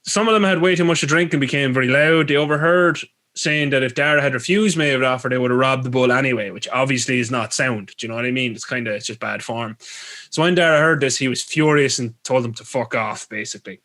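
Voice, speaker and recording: A man's voice: medium pitch, fast talker, sharp tone. Irish guy on a podcast, rambling through a myth, crude jokes everywhere, normal middle voice. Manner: rambling, jokey asides, crude humour. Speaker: podcast host. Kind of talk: comedic storytelling chat.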